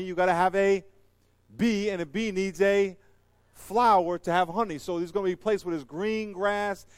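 A male preacher with a fairly high voice, delivering a sermon that swings from loud, emphatic points to quiet, joking asides. His delivery is animated and conversational. The sound is close and dry, with no room echo. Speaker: pastor.

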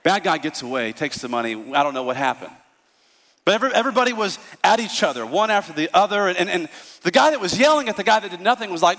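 A male pastor preaching a sermon, telling stories in an animated way and acting out the voices of the people in them. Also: high-pitched, fast, in a large hall. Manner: storytelling, animated, acts out voices. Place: church.

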